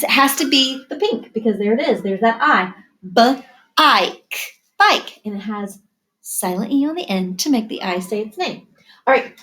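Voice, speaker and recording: Slow, clear-speaking woman teacher. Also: medium pitch, low-quality recording. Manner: slow, clear, sounds out words. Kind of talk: early reading phonics lesson.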